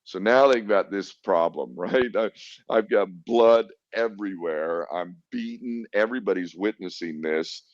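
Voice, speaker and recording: A man's voice: on the low side, a little slow, no room sound. A man telling a personal story as an interview guest, in a blunt, casual, profane way. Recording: muffled lo-fi recording.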